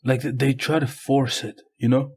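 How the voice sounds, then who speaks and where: A young man co-hosting a podcast, talking in a relaxed, agreeable way with casual swearing. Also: medium pitch, normal speed, breathy edge. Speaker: podcast co-host. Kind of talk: casual chat.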